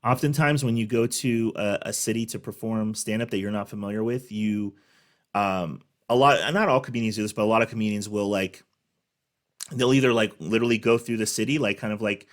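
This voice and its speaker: A man's voice: fairly low pitch, fairly quick. A man hosting a reaction video, explaining things in a casual, rambling way with many fillers. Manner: rambling, lots of fillers and restarts. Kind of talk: casual commentary.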